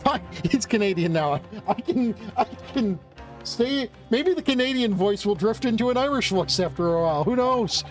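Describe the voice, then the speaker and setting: A man's voice: high voice, animated, normal speed, faint music behind. Self-mocking male streamer. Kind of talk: casual live-stream commentary.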